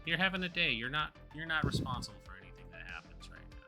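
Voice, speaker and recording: A game master chatting casually between scenes of a tabletop game, animated and laughing, with stammering restarts. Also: medium pitch, rapid-fire, music in the background.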